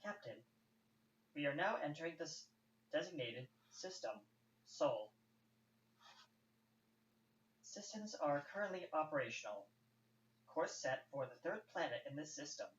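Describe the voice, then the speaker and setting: A man's voice: a little high, moderate pace. A man doing a glitching ship computer. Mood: calm. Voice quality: stuttering, crackly, glitchy. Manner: flat machine announcements. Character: glitching spaceship computer voice, genderless, damaged. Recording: roomy, dull, faint hiss.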